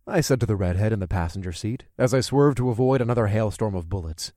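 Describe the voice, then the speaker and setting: A man narrating a first-person action audiobook with lively, expressive delivery. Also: fairly low pitch, fast talker, no room sound, clean studio sound.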